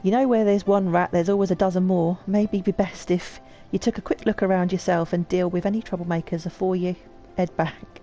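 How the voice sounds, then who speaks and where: A woman voicing a gruff, rough-spoken male foreman in a put-on Cockney accent, blunt and full of coarse slang. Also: lowish voice, fairly even intonation, fairly quick, hardly any pauses, warm tone, faint music behind, natural voice.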